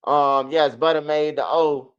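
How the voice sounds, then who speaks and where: A man from Chicago with a Chicago accent, telling street stories casually in an animated, profane way and acting out what others said. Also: on the high side, unhurried, clear, resonant tone, dull audio. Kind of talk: casual storytelling.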